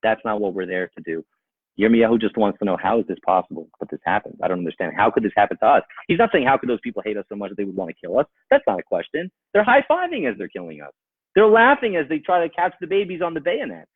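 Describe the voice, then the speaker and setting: A man speaks as a rabbi, his voice climbing and falling in wide swings as he drives each point home with rhetorical questions and repeated phrases. His tone is husky and dry, with no room sound around it. The sound is thin and narrow, like a phone line. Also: on the low side, big pitch swings, quick pace, no echo. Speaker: rabbi giving a talk. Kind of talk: impassioned talk to a live audience.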